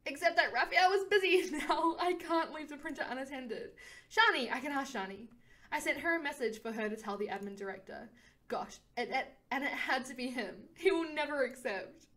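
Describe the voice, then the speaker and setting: A woman reads a story game aloud for her viewers and voices the main character herself. Her delivery is expressive, and she often laughs as she reads. Her voice sits on the higher side. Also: brisk. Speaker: game streamer. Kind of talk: reading a visual novel aloud.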